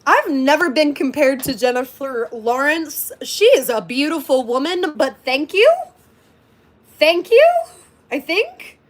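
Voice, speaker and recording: A woman's voice: high voice, big pitch swings, unhurried. A young woman chatting casually on a livestream from a hotel room, thanking viewers and scolding her puppy.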